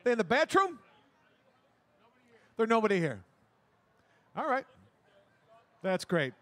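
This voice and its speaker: A man's voice: high-pitched, big pitch swings, takes it slowly, fairly bright tone. A man acting as emcee and bandleader, making upbeat, joking announcements from a festival stage. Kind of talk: live event announcements.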